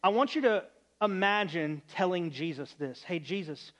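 A man with a high, light voice preaches a sermon in an earnest, conversational way. He often softens to a hushed, gentle tone, and he talks plainly, as if chatting with his congregation. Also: lively intonation, normal speed. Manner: earnest, conversational, drops to quiet on sad moments. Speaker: pastor.

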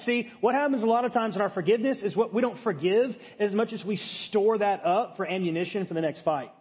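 High-voiced man preaching in a reverberant hall. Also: fast talker, hardly any pauses. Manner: conversational teaching, frequent "okay?" check-ins. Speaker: pastor. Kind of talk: sermon. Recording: muffled sound with long hall reverb.

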